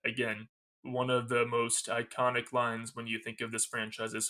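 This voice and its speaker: A man's voice: medium pitch, flat delivery, normal speed, sharp tone. A man co-hosting a podcast, recapping a movie scene in casual chat, quoting its lines and laughing often. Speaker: podcast co-host.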